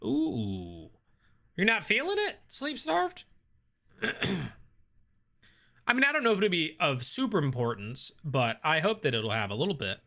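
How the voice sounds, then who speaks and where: A man's voice: fairly high pitch, wildly swooping pitch, takes it slowly, gravelly, long pauses, sharp tone. A man hosting a casual livestream, reading viewer comments aloud and answering them with lots of ums and uhs. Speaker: streamer reading live chat.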